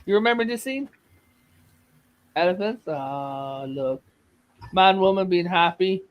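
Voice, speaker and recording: A man's voice: high-pitched, a little slow, muffled recording. A man hosting a charity stream, chatting casually and swearing as he jokes with friends. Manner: animated, swearing, laughing. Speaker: stream host. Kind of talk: casual group chat.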